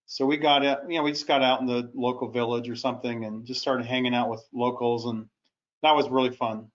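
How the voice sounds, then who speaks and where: A man's voice: mid-range voice, little pitch movement, a little fast. A man on a call, casually telling a story in an easygoing way. His audio is muffled and lo-fi. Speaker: caller. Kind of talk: casual chat.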